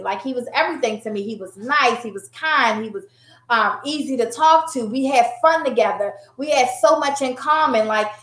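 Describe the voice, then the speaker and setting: High-voiced woman telling a story in a roomy space. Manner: animated, conversational, breaks into laughter. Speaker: guest sharing a personal story. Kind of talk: candid storytelling to an audience. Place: room before a live audience. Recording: roomy, echoey room.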